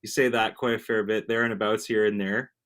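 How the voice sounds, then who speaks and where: A man's voice: on the low side, level tone, brisk, a bit bright. A man with a Canadian accent, chatting casually as a livestream guest over a video call and laughing often. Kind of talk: casual chat.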